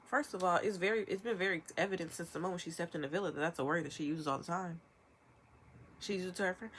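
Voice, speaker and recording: A woman's voice: mid-range voice, slight background noise. Emphatic young woman ranting on camera. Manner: emphatic, rapid-fire, animated with imitated quotes. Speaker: vlogger. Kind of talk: ranting commentary.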